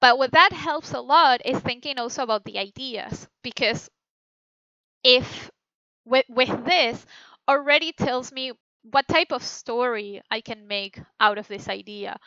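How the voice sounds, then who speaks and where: Woman, animator explaining acting choices, fairly high voice, crisp and clear, thinks aloud, lots of fillers, dull lo-fi recording. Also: measured pace, bright, forceful tone, dry recording. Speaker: animator teaching a feedback session. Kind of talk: informal teaching talk.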